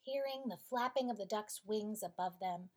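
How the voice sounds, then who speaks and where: A woman reading a bedtime story aloud as a podcast storyteller, gentle and soothing. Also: medium pitch, normal speed.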